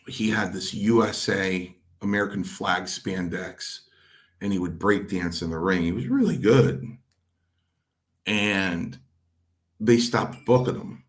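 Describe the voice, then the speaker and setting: An older man, a former pro wrestler, telling stories in an interview and animatedly acting out what others said. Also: deep voice. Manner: animated anecdote-telling, voicing others in quotes. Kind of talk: storytelling in an interview.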